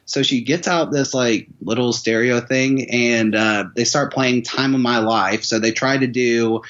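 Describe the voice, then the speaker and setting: A man with a mid-range, fairly bright voice talks as a podcast guest, telling a long, rambling story full of restarts and repeated words. His intonation stays fairly even and his pace measured, with hardly any pauses. The recording has a dull, lo-fi sound.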